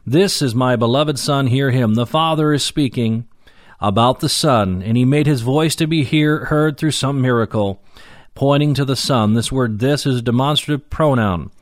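A man's voice: medium pitch, moderate pace, no echo, studio quality. A man preaching a Bible lesson, reading scripture aloud and explaining it plainly with frequent fillers. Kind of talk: Bible teaching sermon.

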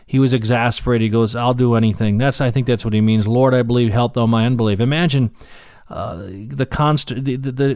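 A man's voice: medium pitch, darkish tone, no room sound, clean studio sound. A man reading Bible verses aloud and explaining them in a plain teaching manner, with fillers and restarts, speaking while in pain. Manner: reads scripture then explains it, with restarts and fillers.

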